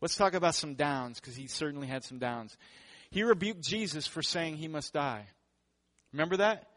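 Male pastor, slightly high voice, casual jokey sermon delivery. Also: expressive, normal speed, a bit bright. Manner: joking, conversational preaching.

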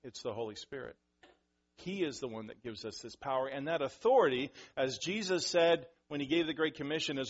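A man preaching a sermon, animated, acting out scenes with sudden loud outbursts. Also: on the high side, a little fast, lo-fi sound. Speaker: pastor.

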